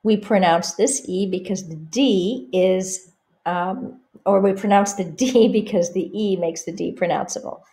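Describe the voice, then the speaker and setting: A woman talks through a pronunciation lesson at an unhurried pace, her voice mellow and soft-edged. She says each practice phrase carefully and distinctly, then drops to a quieter tone to explain it. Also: mid-range voice. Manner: models French phrases slowly and clearly, then explains in a quieter voice. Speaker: French teacher. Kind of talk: slow explanatory lesson over slides.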